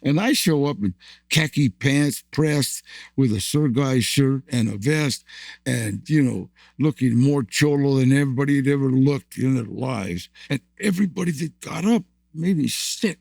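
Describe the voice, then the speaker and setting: A man's voice: mid-range voice, lively intonation, moderate pace, creaky, a little mellow, dry recording. An older man from the United States, a guest in an interview, tells rambling stories of his past, repeating words and laughing often. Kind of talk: storytelling interview.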